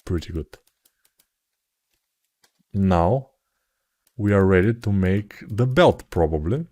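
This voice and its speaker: A man in his forties, talking through a live 3D modeling tutorial in a low-key way, murmuring quietly while he concentrates and dropping joking asides. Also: lively intonation, slow pace. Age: 40s.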